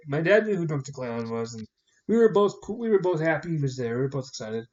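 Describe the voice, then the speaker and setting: A fairly high-voiced young man tells a long, rambling story on a podcast and acts out the other people's lines. His voice sounds roomy and a bit far from the mic. The recording is dull. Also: normal speed. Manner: rambling, animated, acts out quotes. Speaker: podcast host. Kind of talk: casual storytelling chat.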